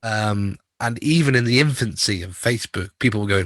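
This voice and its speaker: A man's voice: lowish voice, a little fast, fairly bright tone, no echo, studio quality. A man co-hosting a podcast in a casual chat, telling stories and laughing often. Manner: chatty storyteller who laughs often. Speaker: podcast co-host.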